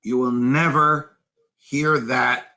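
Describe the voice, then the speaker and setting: A man talking as a guest in a political interview, deliberate and emphatic, lecturing on history. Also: medium pitch, steady tone, bright, forceful tone, poor audio. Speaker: guest commentator.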